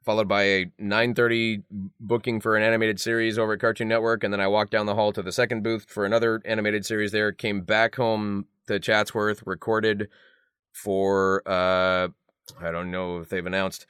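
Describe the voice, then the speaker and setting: A middle-aged male voice actor, a guest in a casual interview, telling animated, self-mocking stories with lots of fillers. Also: lowish voice, moderate pace, smooth, no room sound, studio quality.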